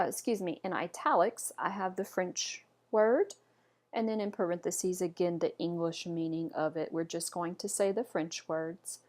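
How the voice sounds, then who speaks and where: In a slow, patient online lesson, a woman teaches pronunciation, modeling each word carefully and repeatedly while encouraging the learner. Her voice is medium-pitched and a little mellow.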